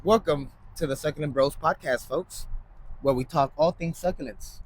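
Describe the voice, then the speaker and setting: A man's voice: on the high side, normal speed, slightly rough. A man co-hosting a casual podcast at a plant nursery, playful and jokey. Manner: playful, jokey, drops in goofy sung bits. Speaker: podcast co-host. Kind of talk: casual chat. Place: plant nursery beside a shed. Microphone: small cheap mic.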